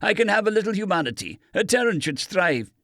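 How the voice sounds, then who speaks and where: A man doing a calm German-accented captive doctor. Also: high voice, brisk, no room sound, clean studio sound, pitched above the performer's own voice, heavily acted. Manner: formal, stilted phrasing, calm.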